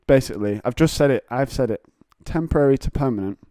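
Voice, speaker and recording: An English man hosts a solo podcast from his couch, digressing freely and poking fun at himself. His voice is mellow and mid-pitched. The sound is close and dry. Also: quick pace, no room sound. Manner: rambling, digressive, self-mocking. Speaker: podcast host. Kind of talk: casual solo podcast monologue. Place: home, on a couch.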